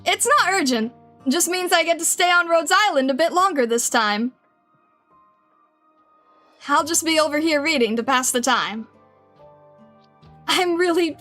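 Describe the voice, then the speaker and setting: Woman putting on a young game engineer, high and chirpy, apologetic, eager, faint music behind. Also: sharp tone, exaggerated voice. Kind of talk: reading game dialogue aloud.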